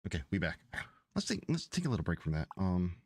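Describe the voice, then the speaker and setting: A man's voice: sits low, sing-song, quick pace, darkish tone, dry recording, clean studio sound. A man streaming his game development, chatting casually in a rambling, profane, exasperated way. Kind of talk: casual livestream chat.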